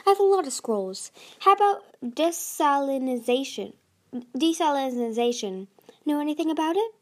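A woman voicing an eccentric, excitable male dragon scientist who talks eagerly and lectures at length, in an amateur audiobook reading. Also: high voice, normal speed, voice pushed up. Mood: eager lecturing.

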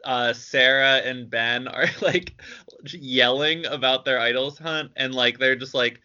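A man's voice: mid-range voice, unhurried, bright, forceful tone, dull audio. A man co-hosting a podcast in casual chat, rambling with many fillers and laughing as he talks. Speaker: podcast co-host.

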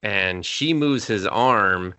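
Casual podcast co-host: man, lowish voice, rambling recaps, pops into high voices for characters. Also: lively intonation, slow, sharp tone, clear, resonant tone. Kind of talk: casual anime review chat.

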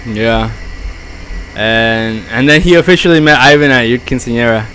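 A man's voice: mid-range voice, moderate pace, bright, forceful tone, a little hiss or hum, rough recording. A man co-hosting a podcast in casual chat, telling stories loosely and laughing often. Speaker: podcast host.

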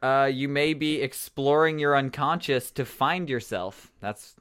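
A man co-hosting a podcast, teasing his friend and reading out dream meanings in halting casual chat. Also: mid-range voice, a bit bright, clear, resonant tone. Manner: teasing, halting with fillers and restarts. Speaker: podcast co-host.

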